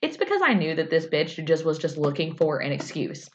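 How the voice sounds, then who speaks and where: Blunt, low-voiced woman podcast host. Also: fairly quick. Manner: animated, blunt, swears freely. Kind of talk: casual chat recapping a reality show. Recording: dull lo-fi podcast audio.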